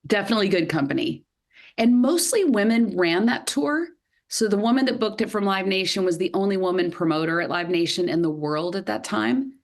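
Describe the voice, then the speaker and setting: A woman in her fifties with a Southern US accent, a podcast guest telling her career story in a lively way with many fillers. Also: mid-range voice, brisk. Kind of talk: podcast interview.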